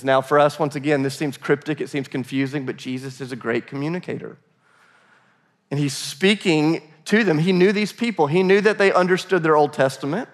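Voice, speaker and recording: A man's voice: on the high side, moderate pace. An American man preaching a sermon in a conversational way, with laughing asides and acted-out dialogue. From United States. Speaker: pastor.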